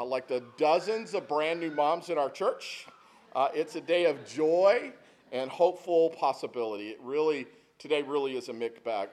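A man in his fifties, a pastor telling stories in a sermon, talking in a conversational, folksy way with asides to the congregation. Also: fairly high pitch. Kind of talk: sermon with storytelling.

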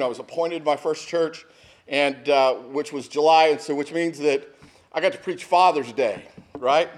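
A middle-aged man, preaching a sermon as a pastor in a conversational storytelling way. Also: a little high. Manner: conversational storytelling, asks the room "right?".

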